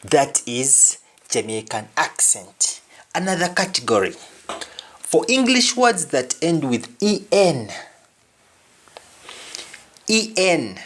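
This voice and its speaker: A man teaching a pronunciation lesson, reading out example words and repeating each one twice in a deliberate, drilling way. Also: mid-range voice, fairly bright tone. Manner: drills each word slowly, saying it twice. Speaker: language teacher.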